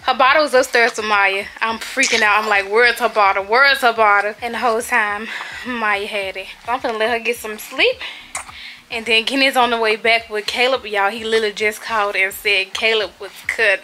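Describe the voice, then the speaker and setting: Animated young woman vlogging over background noise. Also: fairly high pitch, brisk, poor audio. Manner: animated and emphatic, laughing often, loud when the baby cries. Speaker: vlogger babysitting her niece and nephew. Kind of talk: casual vlog talk to viewers.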